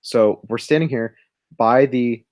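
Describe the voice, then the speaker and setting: A man's voice: mid-range voice, unhurried, darkish tone, dry recording. Young man rambling through a story. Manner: rambling, self-interrupting, laughs while telling a story. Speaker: livestream co-host drawing. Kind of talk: casual storytelling.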